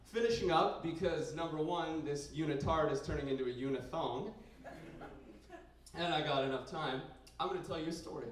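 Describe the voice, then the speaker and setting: A young man from Canada doing a crude, rambling stand-up set in a basement bar, with sudden loud outbursts. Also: fairly high pitch, a little hiss or hum. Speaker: stand-up comedian. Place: basement bar comedy night. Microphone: handheld stage mic recorded by a camera in the room. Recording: very echoey basement room, heard from a distance.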